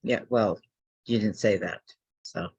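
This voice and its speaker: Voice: medium pitch, measured pace, vocal fry, darkish tone, husky, no echo, highs cut off. A committee member at a town zoning meeting who argues points directly, with a few laughing asides. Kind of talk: municipal committee meeting discussion.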